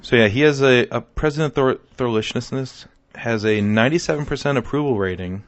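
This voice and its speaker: A man's voice: medium pitch, a little fast, no echo. A man hosting a comedy podcast, casually running through odd news stories and teasing his co-hosts. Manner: wry, teasing, leads the segment. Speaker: podcast host.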